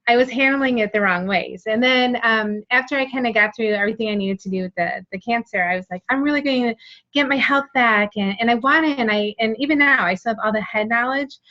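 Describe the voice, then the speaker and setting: A woman's voice: on the high side, fairly bright tone. A woman in her forties telling her own story candidly, rambling with many fillers. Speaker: guest sharing her story. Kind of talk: casual personal testimony. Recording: dull lo-fi sound.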